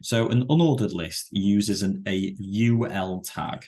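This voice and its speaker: Man, very low voice, gravelly, coding tutorial instructor, halting explanations. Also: dark tone. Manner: halting, self-correcting explanations with many fillers. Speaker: web development instructor. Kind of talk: screen-share coding tutorial.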